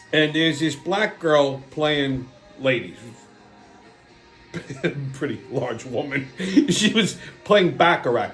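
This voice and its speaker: A man's voice: on the high side, a bit bright. A middle-aged man, hosting a casual, profane, rambling monologue. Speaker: host.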